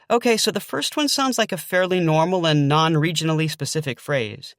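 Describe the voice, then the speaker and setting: A man's voice: on the high side, lively intonation, a little slow, fairly bright tone, clear, resonant tone, no room sound. A young adult man narrating a first-person audiobook, hesitant with dry understatement.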